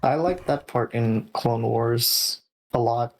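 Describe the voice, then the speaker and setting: A man chatting on his stream in a middle-pitched voice. He rambles through stories with lots of quick asides. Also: rough recording. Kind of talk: casual chat.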